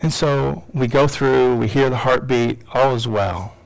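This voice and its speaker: A middle-aged man, a psychologist and teacher, telling an emotional personal story to an audience, swinging from loud to hushed. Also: medium pitch, measured pace, vocal fry, rough recording.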